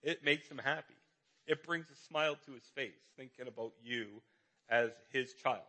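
A man's voice: mid-range voice, moderate pace. Man preaching a casual, repetitive sermon. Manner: conversational, warm-hearted preaching with repetition. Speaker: pastor.

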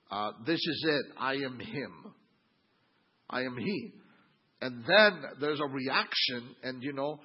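Lively male preacher, husky voice and a pitch that swings a lot, acts out the crowd, dull lo-fi recording. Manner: animated, mimics the crowd's sneering tone. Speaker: pastor. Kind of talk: sermon.

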